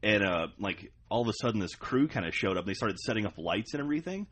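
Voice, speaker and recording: A man with a very deep, husky voice tells a rambling story in casual chat. He talks fast and leans on fillers as he goes. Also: animated, a bit bright.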